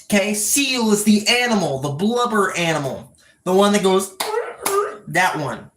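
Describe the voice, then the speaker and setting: A man's voice: sits high, lively intonation, unhurried, a bit bright. A young man chatting casually on a live stream, reading chat aloud and acting out animals.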